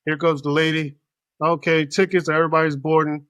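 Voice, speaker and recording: Brief: fairly high-voiced male podcast host, animated and profane storyteller, close dry mic. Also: fairly quick, no echo. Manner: animated, profane, acts out other people's voices. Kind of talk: casual storytelling chat.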